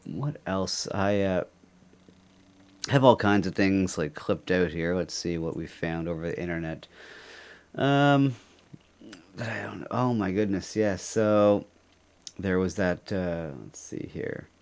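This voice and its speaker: A man's voice: sits low, slow pace, long pauses, smooth. A man from Canada co-hosting a podcast, rambling and joking through casual commentary and laughing often. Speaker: podcast co-host.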